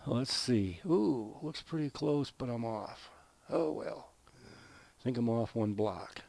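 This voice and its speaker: Middle-aged guy doing laid-back game commentary, slow folksy drawl, chuckles a lot. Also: mid-range voice, lively intonation, vocal fry, darkish tone, no room sound. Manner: slow, folksy, drawling storyteller who chuckles at his own jokes. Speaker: gaming video host. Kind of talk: relaxed gameplay commentary with a told joke.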